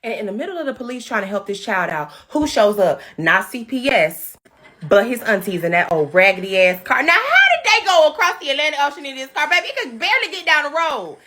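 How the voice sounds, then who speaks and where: A woman's voice: high voice, very animated, fairly quick, bright, forceful tone. A woman hosting a comedic movie recap, telling the story in a sassy, slangy style.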